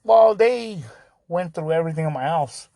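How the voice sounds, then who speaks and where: A man with a notably high voice hosts his own podcast and tells a story in a relaxed, chatty way. His speech is loose, full of "dude" and "like", with laughs breaking in often. The sound is dry and close, with no room echo. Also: normal speed, gravelly. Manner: laid-back, peppered with "dude" and "like", laughs often. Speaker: podcast host. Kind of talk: casual storytelling.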